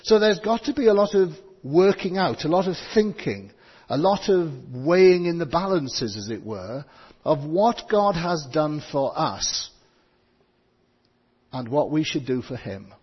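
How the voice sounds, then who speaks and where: A man preaching a sermon, reading scripture and slowing down to stress key words. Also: fairly high pitch, sing-song, breathy edge. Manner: stresses words, slows for emphasis. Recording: dull sound with long hall reverb.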